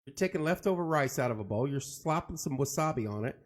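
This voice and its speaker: A middle-aged man with a mid-range voice talks quickly while hosting a casual live chat show. He greets viewers, jokes around, and rambles through stories told with plenty of animation.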